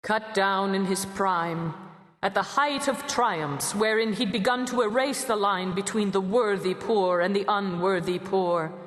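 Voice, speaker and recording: A woman voicing a pompous male clergyman who delivers a eulogy in solemn, drawn-out oratory. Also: mid-range voice, reverberant, long reverb tail, natural voice.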